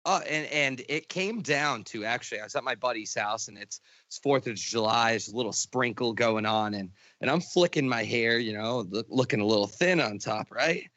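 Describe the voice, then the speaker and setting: A man's voice: medium pitch, expressive, normal speed, few pauses, a bit bright, no echo. A young man co-hosting a casual comedy podcast, telling rambling stories and acting out quotes between laughs. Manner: rambling storyteller, acts out quotes, laughs often. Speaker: podcast co-host.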